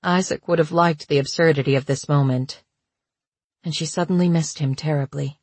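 Audiobook narrator, steady reading, bit husky, dry close mic. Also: mid-range voice, moderate pace, no echo. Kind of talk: scripted narration.

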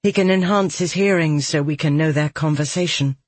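A narrator voicing a calm, formal woman commander in an audiobook, speaking in measured sentences. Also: medium pitch, no room sound, natural voice. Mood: regretful.

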